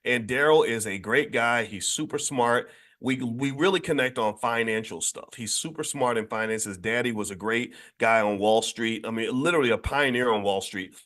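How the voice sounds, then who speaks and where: A man hosting a daily morning talk on finance, speaking casually and emphatically, with frequent restarts and repeated words and his pitch jumping up when he stresses a point. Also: moderate pace, hardly any pauses, a bit bright. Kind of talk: casual spoken talk to an online audience.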